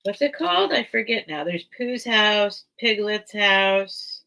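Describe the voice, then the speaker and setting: A woman hosting a casual live sale stream, reading a children's book aloud and choking up, with halting restarts. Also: mid-range voice, expressive, vocal fry, sharp tone. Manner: emotional, choking up while reading; slow, halting, with many restarts.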